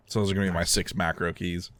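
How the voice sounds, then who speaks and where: Low smooth voice, podcast guy rambling and joking, dry mic. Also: little pitch movement, a little fast, a bit bright, no echo. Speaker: podcast co-host. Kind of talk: casual podcast chat.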